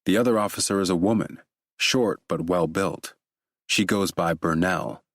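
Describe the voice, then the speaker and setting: A man narrating a thriller audiobook in a steady, measured way. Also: low-pitched, no echo, studio quality.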